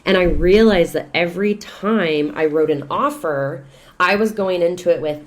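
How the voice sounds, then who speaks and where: Low-voiced woman telling her story with energy. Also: normal speed. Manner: lively, expressive storytelling. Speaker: guest, real estate investor and coach. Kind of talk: casual podcast conversation.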